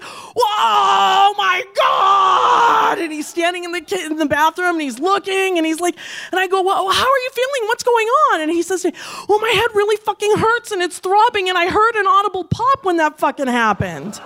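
A woman telling a comic personal story, profane and animated, acting out the quoted lines with shouts and laughing through the telling. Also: extremely high pitch.

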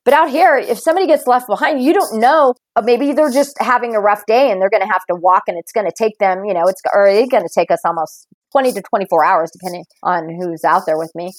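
A woman in casual conversation, an animated storyteller who laughs often. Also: medium pitch, fast, hardly any pauses, no room sound, rough recording.

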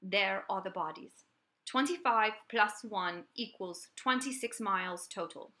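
A woman reading out an anonymous letter writer's note in an attempted British accent, halting and breaking into laughs. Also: mid-range voice, bright, forceful tone. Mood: cryptic.

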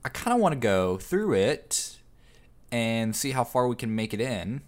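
A man's voice: medium pitch, big pitch swings, measured pace. A man co-hosting a podcast, chatting and reading fan fiction aloud, often laughing as he goes. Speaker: podcast co-host.

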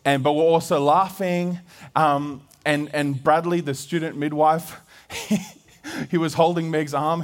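This is an Australian pastor in his thirties, preaching with a fairly high, light voice. He tells his story in a lively, conversational way, tripping over his words and restarting as he goes. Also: normal speed. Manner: lively personal storytelling with frequent restarts and laughs. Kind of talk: sermon storytelling.

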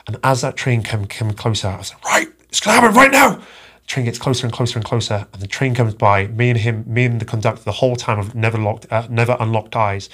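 A man telling a personal story as a podcast guest, halting and earnest, often repeating his words. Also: on the low side, steady tone. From England.

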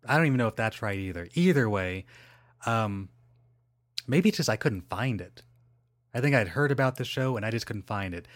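A man's voice: lowish voice, lively intonation, normal speed, no room sound, studio quality. A man hosting a solo podcast, chatting casually in a rambling, digressive way with lots of fillers and self-corrections. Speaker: podcast host.

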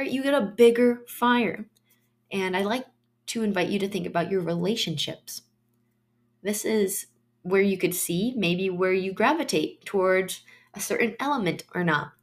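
A woman hosting her own podcast, explaining astrology in a chatty monologue and telling personal stories in loose, trailing phrases. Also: mid-range voice.

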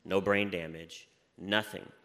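A man with a very deep voice and a bright, forceful tone tells an earnest faith story. The sound carries a long reverb, as if recorded in a large hall. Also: steady tone, measured pace. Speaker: guest sharing a testimony. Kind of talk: casual faith talk.

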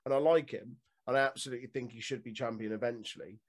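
A man's voice: mid-range voice, fairly even intonation, fast talker. A man co-hosting a podcast in casual, opinionated chat, swearing freely. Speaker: podcast co-host.

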